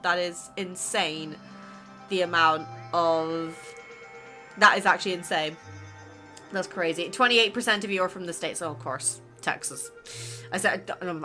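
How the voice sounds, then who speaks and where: A woman casually chatting as a YouTube creator, excitable and full of exclamations as she goes over her channel. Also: medium pitch. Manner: excitable, exclaiming, laughs between remarks. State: emotional, near tears. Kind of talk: casual vlog chat reviewing channel stats.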